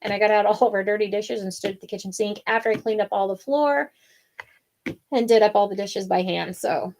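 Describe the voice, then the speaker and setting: A talkative woman co-hosts a casual craft show. She rambles through her story with frequent fillers and an easygoing, everyday delivery at a middle pitch. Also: brisk, creaky, a little mellow, a little hiss or hum. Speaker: wreath-making show co-host. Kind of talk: casual chat.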